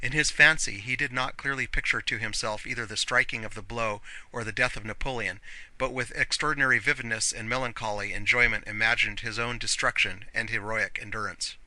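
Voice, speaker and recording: A man reading a novel aloud as an audiobook narrator in an earnest, measured way. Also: medium pitch, fairly even intonation, bright, forceful tone, no echo, rough recording.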